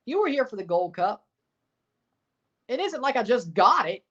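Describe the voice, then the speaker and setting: Her voice runs on the high side with big pitch swings and a fairly bright tone as she gives casual play-by-play of a football match at normal speed. She talks back to her livestream chat with sass, and the recording's highs are cut off.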